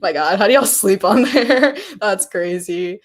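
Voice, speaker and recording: A woman's voice: medium pitch, animated, measured pace. A woman hosting a coding workshop on a livestream, chatting casually and gushing over what she sees with lots of giggles and "oh my God.". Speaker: workshop host.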